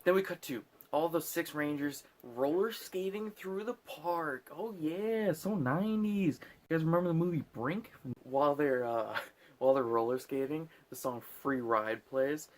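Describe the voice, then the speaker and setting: A drunk man with a slightly high voice hosts a casual movie recap at normal speed. He rambles, swears as he goes, and laughs at his own jokes.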